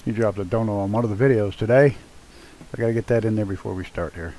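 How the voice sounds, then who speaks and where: A man's voice: fairly low pitch, quick pace, mellow, rough recording. A man streaming a flight sim at home, chatting loosely with viewers and swearing freely while working the controls. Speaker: live streamer. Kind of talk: casual live-stream chat while flying a flight sim. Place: at home with his dog nearby.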